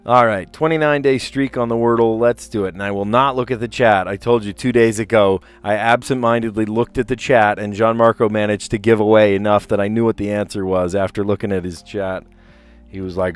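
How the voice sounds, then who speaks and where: A man with a fairly low voice hosts a relaxed livestream, working through word puzzles. He reads each clue aloud and wanders into friendly personal asides, chuckling easily as he goes. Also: fairly quick, clear, resonant tone, faint music behind. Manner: reads clues aloud, chatty asides, amused laughter. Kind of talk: casual livestream commentary.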